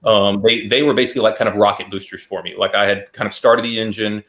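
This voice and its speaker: A man's voice: fairly low pitch, steady tone, fast, a bit bright. Laid-back rambling man, casual chat. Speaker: guest magician.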